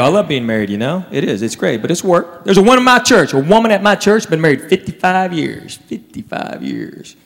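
A man's voice: fairly high pitch, a bit bright. A man telling stand-up comedy stories to a live audience. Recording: hall reverb with faint crowd.

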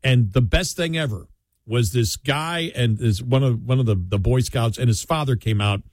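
A man's voice: medium pitch, normal speed, dry recording. A man telling long rambling stories in easy conversation, chuckling as he goes. His voice sits in a middling register. It sounds close and dry, with no room around it. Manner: rambling storyteller, laughs often. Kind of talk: casual chat.

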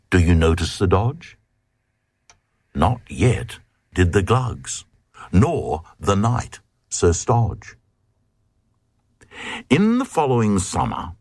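Male reader, low and lively, slow playful delivery of comic verse, dry. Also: breathy edge, no echo. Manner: playful, sing-song storytelling. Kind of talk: reading comic verse aloud.

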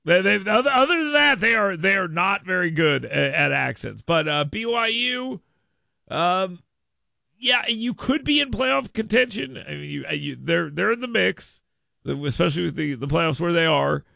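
A man hosting a sports stream with a gravelly, fry-heavy voice and a bright, forward edge. He talks off the cuff and keeps tripping over and repeating his words. The sound is close and dry. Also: sits high, expressive, normal speed, no room sound. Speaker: sports show host. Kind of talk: casual live-stream commentary.

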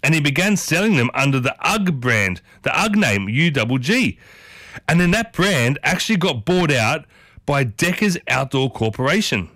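A man with an Australian accent hosting a breakfast radio show in a studio, chatty and excitable, calling his listeners folks. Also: a little high, normal speed, no echo. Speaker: radio host. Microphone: studio microphone.

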